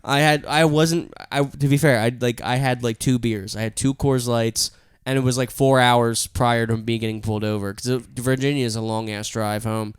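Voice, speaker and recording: A man's voice: medium pitch, steady tone, normal speed, hardly any pauses, smooth, no room sound, studio quality. Profane joking young American man. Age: 20s. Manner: joking, profane, trades silly put-on voices. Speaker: podcast co-host. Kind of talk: casual comedic chat.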